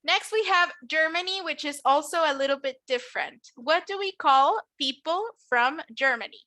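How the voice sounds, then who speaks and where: A woman's voice: sits high, moderate pace, pushed and bright. A woman whose first language is Spanish, teaching English pronunciation in a patient, encouraging classroom drill with careful enunciation.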